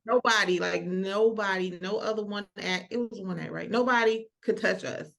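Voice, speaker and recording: Gravelly-voiced Georgia woman chatting. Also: mid-range voice, moderate pace, fairly bright tone. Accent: Southern US, Georgia. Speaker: guest, actress. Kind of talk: casual chat.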